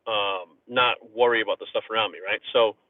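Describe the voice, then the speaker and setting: Profane, fast-talking man on a tinny line. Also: on the low side, no echo. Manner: profane, rambling, animated storyteller. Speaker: livestream host. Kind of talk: casual livestream storytelling and chat Q&A. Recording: tinny phone-like audio, dry.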